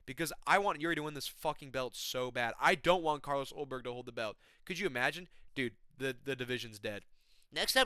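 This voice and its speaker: A man ranting casually with excitement and heavy profanity, giving his fight predictions as the host of a mixed martial arts channel. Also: fairly high pitch, a little fast, clean tone, no room sound. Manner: excitable, profane, slangy fan talk.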